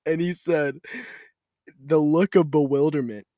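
Young man, giggly co-teller, unhurried slightly high voice, dry close mic. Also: steady tone, mellow, no echo. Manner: giggly, laughs hard, chimes in. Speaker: co-storyteller. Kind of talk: casual chat.

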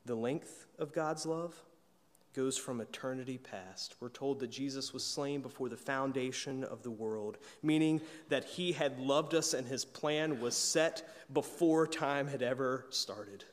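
A pastor preaching a sermon with earnest emphasis, building to emphatic peaks. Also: male voice, mid-range voice, a little slow. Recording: long reverb of a church hall.

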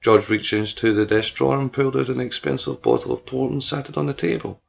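A man reading a scripted serial story aloud in an even, steady manner. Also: mid-range voice, fast, creaky, husky.

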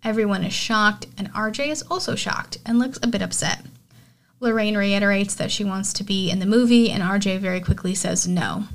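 A woman's voice: medium pitch, normal speed, creaky. Chatty woman recapping a horror film. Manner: enthusiastic, chatty, swears, many fillers. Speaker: horror podcast host. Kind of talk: casual movie recap.

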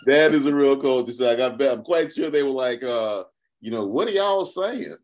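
A man hosting a podcast interview, talking in an expressive, reflective way with many restarts. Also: medium pitch, moderate pace. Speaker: podcast host. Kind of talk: conversational interview.

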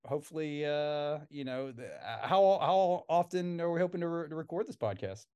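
Young male podcast co-host, relaxed chatty delivery, filler-heavy. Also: on the high side, moderate pace, smooth. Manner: laid-back, many fillers and laughs. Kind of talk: casual chat.

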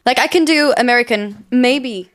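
Young Portuguese woman, student guest, giggly and self-mocking, higher pitch. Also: normal speed, no echo. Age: young adult. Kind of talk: casual podcast chat.

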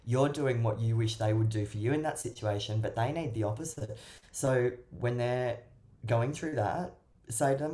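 A woman guest coach giving relationship advice in a casual podcast chat. Her voice sits low for a woman and sounds dark and mellow. She talks expressively and slips into playful acted-out voices. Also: normal speed. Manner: expressive, acts out little voices while explaining. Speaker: love coach and matchmaker guest.

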